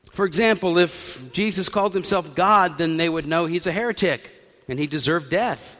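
Male pastor, slightly high voice, animated storytelling sermon, recorded with long hall reverb.

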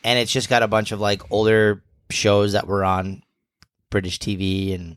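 A man co-hosting a podcast, chatting casually and rambling with many pauses and fillers. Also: fairly low pitch, level tone, clear, resonant tone, no room sound, clean studio sound. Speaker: podcast co-host. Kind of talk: casual chat.

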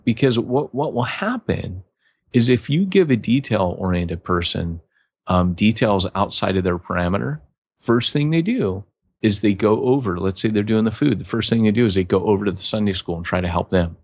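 A man's voice: lowish voice, expressive, normal speed, no room sound, clean studio sound. A man co-hosting a podcast, chatting in a rambling way with restarts and acted-out quotes. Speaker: podcast co-host. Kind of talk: conversational podcast talk.

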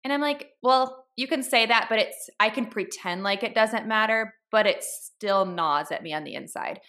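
A woman's voice: mid-range voice, moderate pace, fairly bright tone. A woman co-hosting a podcast, talking in an earnest, reflective way. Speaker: podcast co-host. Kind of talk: casual chat.

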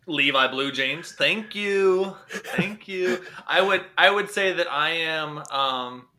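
A man from North Carolina co-hosting a podcast, chatting casually with dry, deadpan jokes. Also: on the high side, takes it slowly. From North Carolina, USA. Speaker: podcast co-host.

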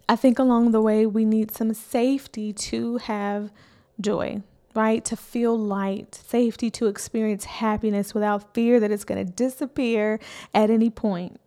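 A woman's voice: on the high side, level tone, a little slow, dark tone. A woman in her thirties, a healing coach, giving a casual, encouraging motivational talk and often checking in with "right?".

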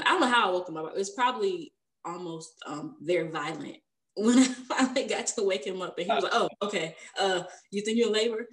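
A young adult woman telling a personal story in casual conversation, chatty and laughing often between sentences. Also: mid-range voice.

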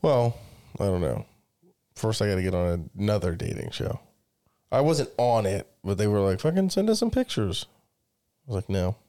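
A man in his thirties chatting casually on a podcast, telling animated stories and swearing constantly. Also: sits low, moderate pace, clean tone. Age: 30s. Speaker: podcast co-host. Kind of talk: casual chat.

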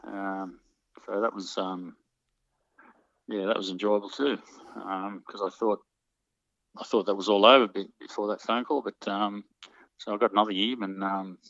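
A man with a low voice telling old stories in a relaxed, halting way, filling gaps with ums and restarting his sentences. The sound is dry and close but dull and muffled, as if recorded at reduced quality. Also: no room sound. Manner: hesitant, many ums and restarts. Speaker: interviewee, former soccer player. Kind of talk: casual reminiscing.

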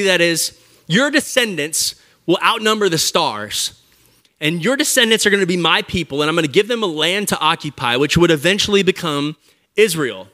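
Male preacher, energetic and joking, talks straight to the crowd; high, bright voice. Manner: energetic, joking, addresses the audience directly. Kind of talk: lively conversational sermon. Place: church service before a live audience.

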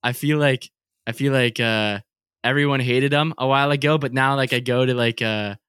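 A man's voice: medium pitch, moderate pace, smooth, dry recording, studio quality. A man co-hosting a casual podcast, rambling loosely with lots of fillers and laughs. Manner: relaxed, heavy use of "like", laughs often. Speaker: podcast co-host. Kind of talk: casual chat.

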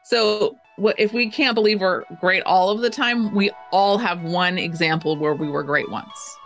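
A woman's voice: mid-range voice, moderate pace, fairly bright tone, soft background music. A woman co-hosting a podcast and coaching clients, chatting casually, laughing often and quoting what she tells people. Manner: upbeat, laughs often, quotes herself. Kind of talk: casual chat.

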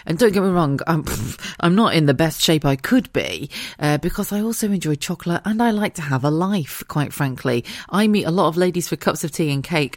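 A woman's voice: sits low, no echo, clean studio sound. A woman in her thirties hosting a podcast, telling a frank, sweary story and laughing often. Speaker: podcast host. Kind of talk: casual storytelling monologue.

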